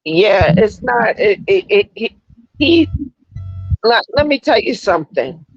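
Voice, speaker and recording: Slow, husky-voiced woman chatting. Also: mid-range voice, big pitch swings. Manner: hesitant, restarts sentences, drawn-out words. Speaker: panelist. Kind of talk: casual chat. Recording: dull, dry audio with faint music behind.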